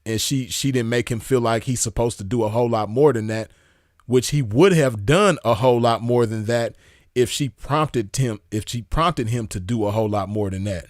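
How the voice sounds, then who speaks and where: A man's voice: mid-range voice, normal speed, no echo, clean studio sound. A man giving casual commentary, laid-back and slangy, often checking in with the listener. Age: adult with a child. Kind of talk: casual commentary reading messages aloud.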